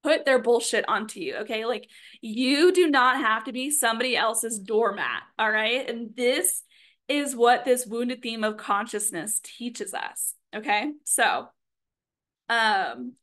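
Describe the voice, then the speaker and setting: A woman's voice: fairly high pitch, a little slow, a bit bright. Chatty woman telling a story. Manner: chatty, filler-heavy, with frequent "like". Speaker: spiritual content creator. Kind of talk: casual storytelling monologue.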